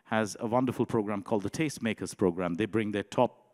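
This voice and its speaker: A man giving a conference presentation in a measured way, often pausing with um and you know. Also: fairly low pitch, darkish tone, long reverb tail. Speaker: conference speaker. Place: conference hall.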